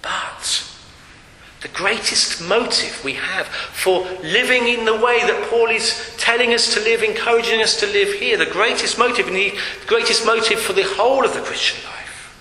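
A man delivers a sermon in a bright, high voice. He preaches emphatically, repeats his phrases, and often drops to a hush. The echoey hall carries a faint hiss behind him. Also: moderate pace. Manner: emphatic, repeating phrases, dropping to hushed tones.

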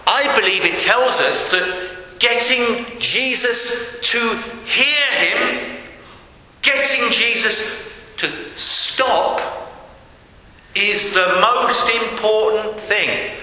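A man with a high, strikingly bright voice delivers a sermon at an unhurried pace. He asks his listeners rhetorical questions again and again, and he acts out quoted cries. The sound is very echoey, with a long reverb tail, as if recorded in a large church. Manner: acts out quoted cries, shouting some and murmuring others. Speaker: preacher.

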